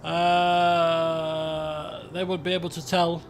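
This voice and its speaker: A man streaming a geography guessing game, chatty and excitable, swearing and breaking into shouts when frustrated. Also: a little high, extremely slow. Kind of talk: casual live-stream commentary while playing a geography guessing game.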